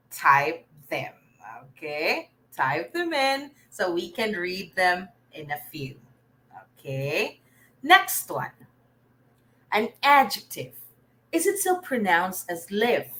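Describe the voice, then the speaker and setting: A woman's voice: mid-range voice, sharp tone, low-quality recording. A Filipino woman teaching an online reading lesson, encouraging and often checking in with her learners. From Philippines.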